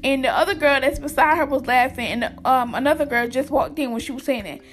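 A young woman with a high voice, telling a storytime in a chatty, slangy way. She speaks straight to her viewers and calls them y'all. Faint music plays underneath. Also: brisk. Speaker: vlogger. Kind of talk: casual storytime.

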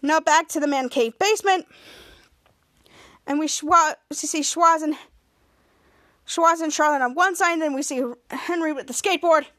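A woman's voice: sits high, moderate pace, pauses often, pushed and bright. A woman podcast host giving a chatty, rambling recap of a TV episode. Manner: chatty, rambling storytelling with many restarts.

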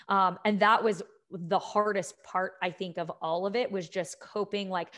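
A woman's voice: mid-range voice, fairly even intonation, a little slow, a bit bright. A young adult woman, a health and fitness coach, telling a personal story candidly with many fillers and restarts. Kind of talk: personal story, casual talk.

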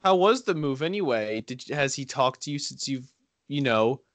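A man's voice: mid-range voice, lively intonation, normal speed, fairly bright tone, no echo. A man chatting casually with friends, trading jokes and playful threats. His voice sits in the middle of the range, recorded close and dry with little room sound. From rural area. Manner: joking, mock-threatening banter. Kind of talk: casual chat.

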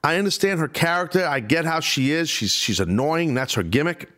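A man's voice: a little high, expressive, fairly quick, a bit bright. A man hosting a podcast, giving casual, opinionated commentary that rambles and drifts off on tangents. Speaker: podcast host.

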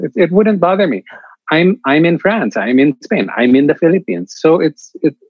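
Animated man on a dull, dry recording. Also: fairly high pitch, moderate pace, no echo. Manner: emphatic, animated, many restarts. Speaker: theatre director and acting mentor. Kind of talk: candid interview answers.

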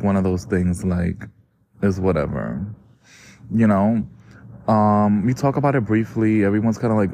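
A man hosting a podcast, telling a story in a gossipy, profane, animated way. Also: on the low side, a little hiss or hum. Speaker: podcast host. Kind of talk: casual storytelling.

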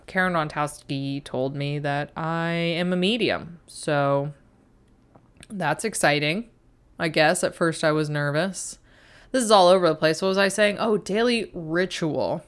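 A woman's voice: low voice, lively intonation, a little slow. A young adult woman in a rambling, self-mocking casual monologue who swears often.

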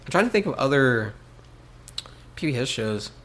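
A man's voice: medium pitch, very animated, normal speed, fairly bright tone. A young man from the American South chatting casually with a friend, easygoing and hesitant, with many fillers. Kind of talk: casual chat.

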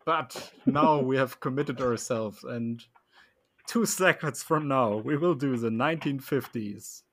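A man with a German accent co-hosting a casual podcast, reading out results slowly and laughing often. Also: mid-range voice, a bit bright. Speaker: co-host.

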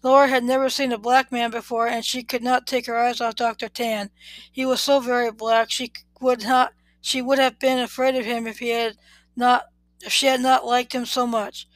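A woman reading a children's book aloud in a steady, plain way, now and then correcting a word. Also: fairly high pitch, normal speed, no echo, poor audio. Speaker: reader.

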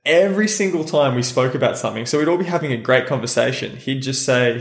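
A man co-hosts a casual podcast, telling an anecdote bluntly with offhand swearing. His voice sits at an ordinary middle pitch. The recording has a roomy echo. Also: expressive, quick pace, hardly any pauses. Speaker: podcast co-host. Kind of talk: casual chat, storytelling.

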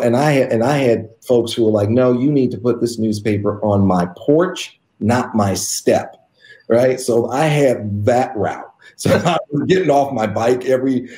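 A man from the United States telling stories as an interview guest, animated and acting out the quotes. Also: mid-range voice, slight background noise. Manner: animated storyteller who acts out quotes. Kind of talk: casual anecdote telling. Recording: roomy echo.

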